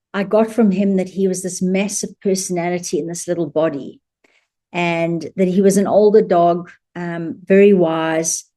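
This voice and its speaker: A woman's voice: lowish voice, dark tone. A woman who works as an animal communicator, telling a story to camera in a chatty, amused way with frequent laughter.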